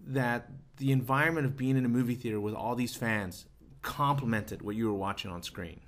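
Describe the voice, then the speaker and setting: A man's voice: medium pitch, a little fast. A man hosting a casual movie podcast, rambling and hesitant, asking the others questions. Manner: rambling, hesitant, many fillers. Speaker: podcast host. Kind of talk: casual chat.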